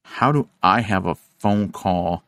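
A man hosting a podcast, telling a story in casual chat, animated and profane, acting out the voices of the people in it. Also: sits low, measured pace, dry recording, studio quality. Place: studio.

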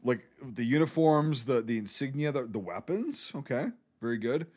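Male co-host, mid pitch, emphatic, profane, casual delivery. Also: lively intonation, moderate pace, darkish tone. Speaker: podcast co-host. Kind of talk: casual film podcast chat.

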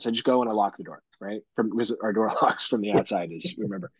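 Podcast dad, husky, swears freely, dull lo-fi sound. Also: male voice, fairly low pitch, quick pace, no echo. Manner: profane, animated storytelling with mock-dramatic quotes. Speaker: podcast host. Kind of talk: casual storytelling chat.

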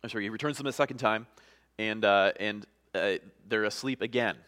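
A man's voice: fairly low pitch, brisk, fairly bright tone. A male pastor preaching a sermon, earnest and conversational, often restarting phrases and checking in with "right?".

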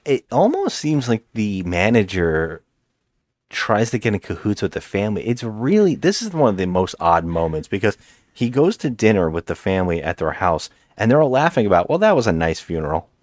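A man's voice: on the low side, sing-song, moderate pace, darkish tone, no room sound, studio quality. A man co-hosting a podcast, casually recapping a movie plot with lots of hesitant restarts. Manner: rambling, hesitant storyteller with many restarts. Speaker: podcast co-host.

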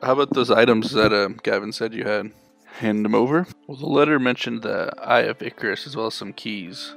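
Gravelly-voiced man playing at the table. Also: lowish voice, brisk, a bit bright, faint music behind. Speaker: player. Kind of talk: casual tabletop role-play.

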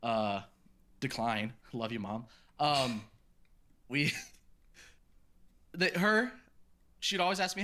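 Young guy in his twenties, bright and forward tone, easygoing, swears freely, rambles through anecdotes. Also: medium pitch, very animated, takes it slowly, pauses often. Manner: loose, profane storytelling with lots of fillers. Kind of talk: casual chat.

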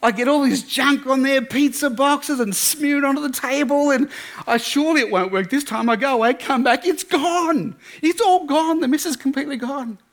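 A man voicing a lazy young boyfriend who is awestruck by household magic, swinging between hushed awe and giddy excitement. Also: mid-range voice, fast talker, few pauses.

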